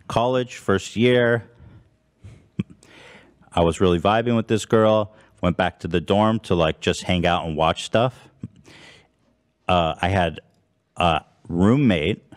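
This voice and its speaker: Casual male host, thirties, low voice, animated storyteller who laughs easily. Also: takes it slowly, pauses often, clean tone, no room sound, studio quality. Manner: laughs often, animated retelling with put-on quotes. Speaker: podcast host.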